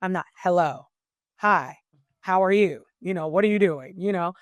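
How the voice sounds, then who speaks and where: A woman voice coach talking in a podcast interview, expressive and emphatic, shifting her loudness and pitch to make a point. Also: dry recording, studio quality. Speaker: voice coach guest.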